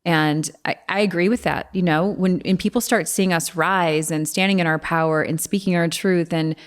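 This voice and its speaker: A woman's voice: fairly low pitch, fairly even intonation, normal speed. A woman hosting an interview, affirming and encouraging her guest. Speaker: podcast host. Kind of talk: interview conversation.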